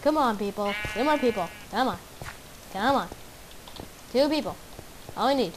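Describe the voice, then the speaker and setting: A woman giving casual gameplay commentary, excitably guessing aloud and exclaiming at the game. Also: a little high, moderate pace, noisy background. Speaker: gamer. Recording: background game music. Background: game music.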